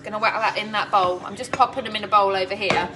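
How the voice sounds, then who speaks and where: A woman's voice: mid-range voice, steady tone, fast, distant mic, background noise. A woman chatting to live viewers while cooking at home, laughing often. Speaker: cooking vlogger. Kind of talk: live-stream cooking chat. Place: home kitchen. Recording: echoey kitchen, clattering pots.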